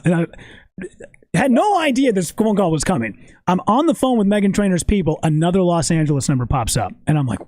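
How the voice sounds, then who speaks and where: A man telling a story in a casual podcast chat, animated and swearing often. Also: sits high, a little fast, dry recording. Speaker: podcast guest.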